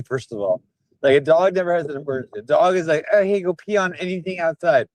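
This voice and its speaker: A man's voice: a little high, no room sound. Tipsy man rambling on a live stream. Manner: rambling, rowdy banter with chat. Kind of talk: casual live stream chat while walking. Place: outdoors on town streets.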